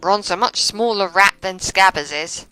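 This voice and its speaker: A woman's voice: medium pitch, moderate pace, pushed and bright, clean tone, soft background music, low-quality recording. A young woman giving chatty, sarcastic gameplay commentary and laughing often. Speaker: let's play commentator.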